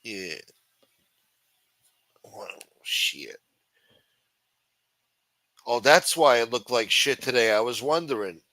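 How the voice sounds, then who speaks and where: A man hosting his own livestream reads headlines aloud, then veers into rambling, profane, sarcastic rants. His mid-range voice is bright and forceful with lively intonation, a moderate pace and hardly any pauses, and the sound is dry and close with no room echo.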